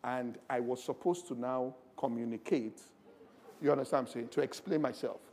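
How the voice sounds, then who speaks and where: A man preaching a sermon, animated and laughing, rising to loud, emphatic bursts. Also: mid-range voice, normal speed.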